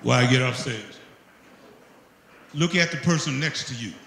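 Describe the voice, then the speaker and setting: An older man addressing young men in a hall, leading them in a shouted call-and-response pledge, chanting each line like a preacher. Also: mid-range voice, moderate pace, gravelly. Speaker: honored speaker. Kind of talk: call-and-response motivational speech. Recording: echoey hall with crowd noise.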